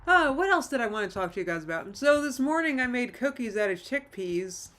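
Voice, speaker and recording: A woman's voice: fairly high pitch, big pitch swings, brisk, a bit bright. A woman hosting a casual livestream, rambling and nostalgic as she reads viewer comments aloud and restarts her sentences. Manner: nostalgic and emotional. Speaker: livestream host. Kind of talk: casual live-stream chat with viewers.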